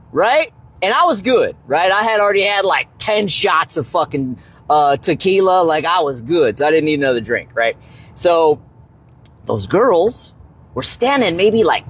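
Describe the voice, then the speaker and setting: Profane young man telling a story. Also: husky. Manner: rambling, profane, constant "right?" tags; voice leaps high when excited. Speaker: fitness and finance creator. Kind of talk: casual storytelling livestream.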